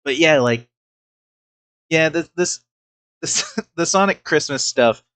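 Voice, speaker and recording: A man's voice: on the high side, expressive, slow pace, a bit bright, clear, resonant tone. A man giving casual reaction commentary as a streamer host, laughing often, swearing, and restarting his sentences.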